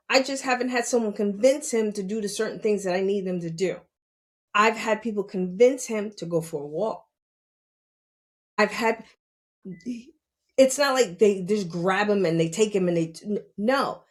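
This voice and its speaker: A woman's voice: medium pitch, darkish tone. A middle-aged woman talking casually on a podcast as a parent, earnest and repeating her points for emphasis. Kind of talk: casual talk.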